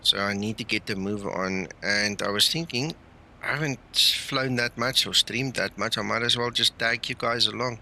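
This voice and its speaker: A tired man rambles through a late-night flight sim stream, easygoing and full of little fillers. His voice sits a bit low but rings very bright. A faint background hum runs under him. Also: moderate pace. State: tired, yawning. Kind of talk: casual live-stream chat.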